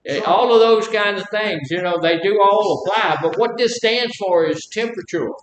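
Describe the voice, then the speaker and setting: A man with a Southern drawl teaches a live class, folksy and fond of quizzing his listeners. His voice sits a touch high. The room is echoey, with a faint rumble underneath. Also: normal speed. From Mississippi. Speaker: class instructor. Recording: roomy echo, faint rumble.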